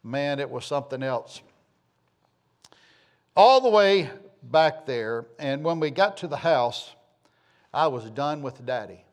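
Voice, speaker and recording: A man's voice: mid-range voice, animated, slow, pauses often. A middle-aged man from the southern United States tells a rambling, homespun personal story with self-deprecating humor.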